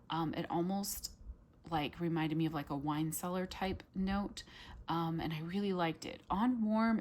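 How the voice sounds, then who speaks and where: A woman vlogger chatting casually through a product review, full of ums and likes and quick self-corrections. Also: on the low side, darkish tone, a little hiss or hum.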